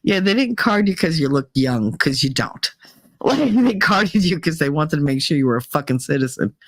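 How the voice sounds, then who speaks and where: A woman's voice: sits low, normal speed, no room sound. A woman, hosting a podcast and ranting in a casual storytelling way, laughing often and swearing. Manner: animated, laughs often, swears, acts out quoted voices. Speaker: podcast host.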